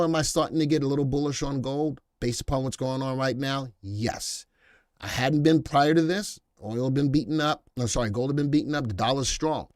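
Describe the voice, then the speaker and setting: A man's voice: mid-range voice, darkish tone, no room sound, clean studio sound. A middle-aged man hosting a live stock market stream. He reads headlines aloud, answers viewers in chat, and pushes his voice up hard when he makes a point.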